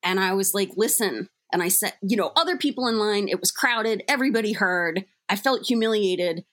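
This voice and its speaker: A young woman speaks candidly about her own past, chatty and self-deprecating, leaning on casual fillers. Her voice sits at an ordinary middle pitch, and her tone stays open and conversational. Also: brisk, a bit bright. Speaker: guest sharing recovery story. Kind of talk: candid personal storytelling.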